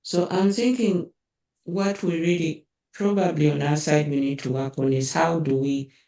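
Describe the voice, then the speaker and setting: A woman's voice: sits low, steady tone, moderate pace, mellow, roomy sound, distant mic. A woman with a Ugandan accent giving impassioned political commentary, indignant and rhetorical, often adding "eh?" and "hmm?".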